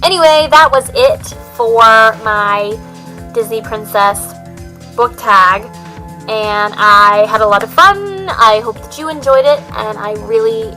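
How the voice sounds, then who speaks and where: A woman's voice: on the high side, a little slow, sharp tone, soft background music, poor audio. A woman chatting through a book tag video in a put-on, jokey mixed accent, rambling and poking fun at herself. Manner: rambling, chatty, self-mocking. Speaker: book vlogger. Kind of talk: casual book tag chat.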